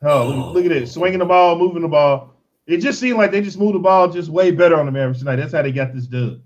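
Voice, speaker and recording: A man hosting a casual fan show, commenting on game highlights in an animated, exasperated, joking way. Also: quick pace, lo-fi sound.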